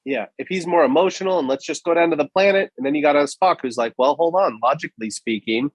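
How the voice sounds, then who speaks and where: A man's voice: a little high, fast talker, no echo. A man co-hosting a casual podcast, talking emphatically and acting out reactions. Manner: animated, emphatic, acts out quoted reactions. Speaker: podcast co-host.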